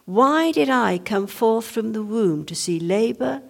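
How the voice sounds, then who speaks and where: A woman preaching a sermon, speaking earnestly and slowing down to read scripture passages aloud. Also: on the high side, animated, vocal fry, a little mellow. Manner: earnest, reads scripture aloud with slowed emphasis.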